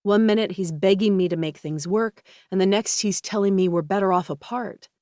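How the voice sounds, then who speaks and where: A woman voicing a shaken young woman writer who speaks softly and slowly, keeping a brave face. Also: medium pitch, no echo, clean studio sound, voice pushed up, lightly acted. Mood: subdued.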